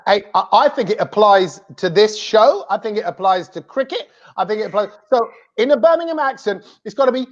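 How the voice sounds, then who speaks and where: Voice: mid-range voice, expressive, brisk, few pauses. Lo-fi host teasing guests on a live fan show. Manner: playful, teasing questions. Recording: dull lo-fi audio.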